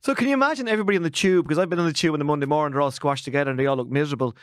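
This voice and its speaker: A man with an Irish accent hosting a casual chat, jokey and quick to laugh. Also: fairly high pitch, dry recording, clean studio sound. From Ireland. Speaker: host. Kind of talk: casual conversation.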